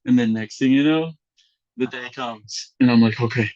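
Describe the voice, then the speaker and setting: A young man of average pitch spins a long, rambling story in casual podcast chat. He acts out the lines of other people, so his pitch shoots way up. The sound is close and dry, with a slightly muffled top end. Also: moderate pace, dry recording. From Mexican heritage. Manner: animated, acts out quotes with big voice jumps, lots of fillers. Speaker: podcast guest.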